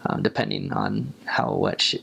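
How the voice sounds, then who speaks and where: A young man, a returned missionary, telling stories in a relaxed, casual way, with lots of fillers, and jumping up in pitch when he quotes people. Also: measured pace, creaky, husky. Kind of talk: casual storytelling.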